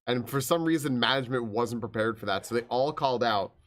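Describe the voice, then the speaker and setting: A man's voice: mid-range voice, a little fast. A man streaming a video game from home, chatting casually and telling stories, rambling, swearing freely and laughing often. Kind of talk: casual gameplay chat with storytelling.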